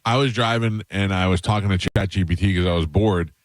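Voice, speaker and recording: A man's voice: deep voice, fairly even intonation, a little fast. A man in his fifties hosting a morning radio show, telling rambling, self-deprecating stories and reading ads live in a studio. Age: 50s. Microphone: studio microphone.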